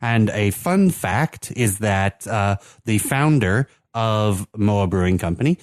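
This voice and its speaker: A man with an American accent and a lowish voice, talking in a relaxed, rambling way full of fillers. The sound is dry and close, with no room around it. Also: slow, no echo. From United States. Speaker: podcast co-host presenting the beer. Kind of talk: casual chat.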